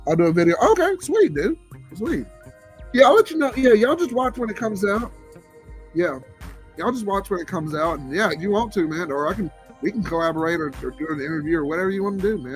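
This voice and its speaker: A man with a Southern drawl hosting a casual livestream chat, laid-back and chuckling as he greets viewers. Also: a little high. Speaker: livestream host. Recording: faint background music.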